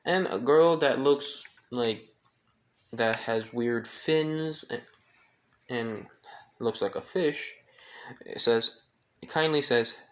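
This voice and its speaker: A man talks through a fan-made story in a slow, unhurried way. His telling rambles and halts, and he keeps losing track of the characters' names. His voice sits at an ordinary middle pitch. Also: slight background noise. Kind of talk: casual retelling of a fan story.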